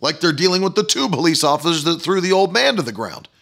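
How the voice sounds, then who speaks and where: A man's voice: on the high side, big pitch swings, quick pace, creaky, fairly bright tone. A man preaching a fiery sermon, hammering the crowd with rhetorical questions.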